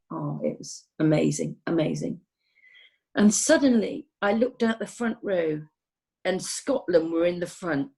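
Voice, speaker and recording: A woman's voice: fairly low pitch, gravelly, darkish tone, breathy edge. A woman nurse in casual conversation, telling anecdotes in a chatty, rambling way. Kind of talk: casual chat.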